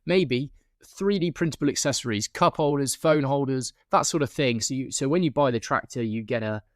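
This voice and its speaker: A man's voice: medium pitch, moderate pace, dry recording, studio quality. A man co-hosting a podcast, talking casually with frequent restarts and fillers. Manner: rambling, many restarts and fillers. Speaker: podcast co-host.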